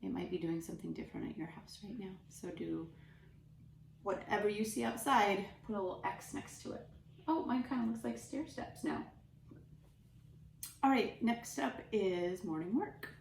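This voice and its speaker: A young woman teaching kindergarten from home, speaking gently and slowly with soft whispers to encourage the children. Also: mid-range voice, lively intonation, gravelly, echoey room, recorded from a distance, slight background noise. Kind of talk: remote class lesson for young children. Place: room at home.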